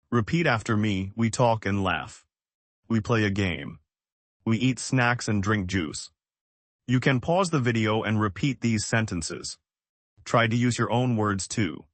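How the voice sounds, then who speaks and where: A man reading a simple, scripted English lesson and asking learners to repeat after him, in plain, even sentences. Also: lowish voice, dry recording. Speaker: English teacher.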